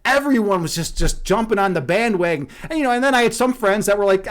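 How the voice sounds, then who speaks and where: A man's voice: very high-pitched, fast talker, few pauses. A man chatting casually on a livestream, rambling and profane, laughing often. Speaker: streamer.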